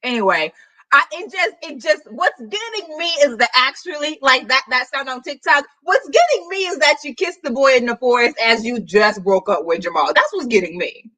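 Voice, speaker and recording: Woman, book vlogger, casual slangy chat, lively swooping pitch, bright tone. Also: normal speed, rough recording. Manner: animated, chatty, slangy. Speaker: book vlogger hosting a reading sprint.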